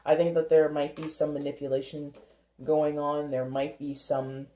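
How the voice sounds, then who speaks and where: Laid-back tarot reader just talking it through, soft mellow voice, bit of room echo. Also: medium pitch, little pitch movement, normal speed. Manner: chatty, laughs often, thinks aloud. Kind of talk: casual tarot reading. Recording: roomy echo.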